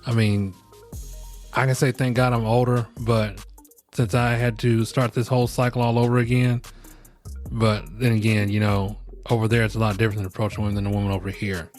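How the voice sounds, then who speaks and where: A man's voice: fairly low pitch, level tone, brisk, darkish tone, faint music behind. A middle-aged man hosting a podcast, giving frank, rambling, jokey advice in a casual monologue.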